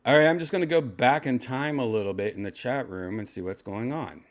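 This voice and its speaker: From a second-floor room at home, an older man rambles through a casual show, joking crudely as host. He talks a little fast in a medium-pitched voice.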